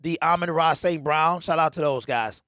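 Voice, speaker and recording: A man hosting a casual fan livestream, animated and slangy, talking straight to his chat. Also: a little high, normal speed, dry recording, clean studio sound. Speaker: livestream host.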